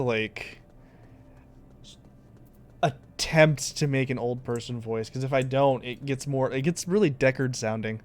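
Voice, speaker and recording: A man's voice: medium pitch, a little slow, pauses often. A man streaming a game, talking casually and rambling, with a laid-back delivery and some swearing. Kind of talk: casual live-stream chat.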